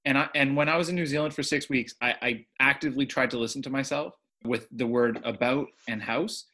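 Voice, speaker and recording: Laid-back Canadian man, mid-pitched voice. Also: fairly even intonation, brisk, pushed and bright. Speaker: podcast co-host. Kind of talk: casual chat.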